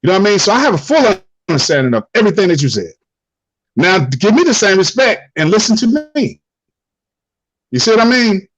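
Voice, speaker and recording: Earnest man with a lively voice. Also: high voice, fairly quick, slightly rough, dry recording, low-quality recording. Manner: earnest, repeating himself, filler-heavy. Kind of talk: casual podcast conversation.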